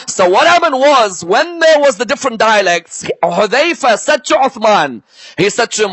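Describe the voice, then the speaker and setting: A man's voice: high voice, lively intonation, moderate pace, a bit bright, dry recording. A man giving a live religious history lecture who keeps checking in with his listeners through rhetorical questions. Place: lecture before a live audience.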